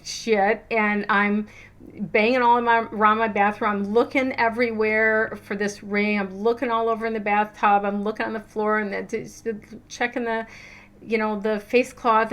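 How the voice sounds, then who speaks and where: A middle-aged woman, a spiritual teacher and coach, talking casually to her viewers, chatty and animated, with plenty of fillers and restarts. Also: mid-range voice, a little slow. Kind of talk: casual teaching talk to camera.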